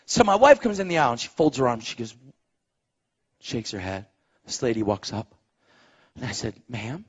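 A middle-aged man preaching a sermon as a story, animated, dropping to a hush and rising to shouts. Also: mid-range voice, moderate pace, dull audio. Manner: animated, swings from hushed to shouting.

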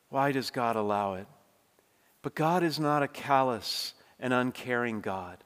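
A man preaching a sermon as pastor, earnest, moving between hushed passages and forceful climaxes. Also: on the high side. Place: church. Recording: church hall reverb.

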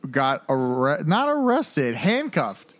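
Male co-host, casual and teasing, with a voice pitched a little high. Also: huge pitch swings. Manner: teasing, quick banter. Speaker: podcast co-host. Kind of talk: casual chat.

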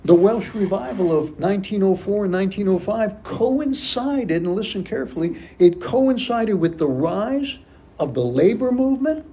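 A man's voice: sits high, animated, moderate pace, dark tone. A man preaching a sermon as pastor of a church, emphatic and repeating key phrases for stress. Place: church sanctuary.

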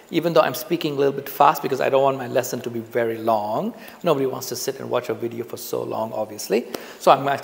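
A man speaking straight to the camera as he teaches, relaxed and chatty, often going back over his phrases. His voice sits a bit high and has a gravelly edge. The room gives it a long, trailing reverb. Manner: relaxed, conversational, repeats phrases for emphasis. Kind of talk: casual on-camera lesson. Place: indoors, filming himself on camera. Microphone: camera mic, speaking to camera.

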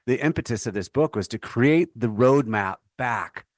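A man's voice: medium pitch, lively intonation, moderate pace, no echo, clean studio sound. A man speaking as an author guest in a faith radio interview, earnest and thoughtful, sometimes restarting his phrases.

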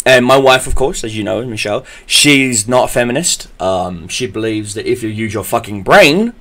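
A man hosting a podcast, telling a story in a profane, animated way. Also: mid-range voice, normal speed. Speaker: podcast host. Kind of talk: casual podcast chat.

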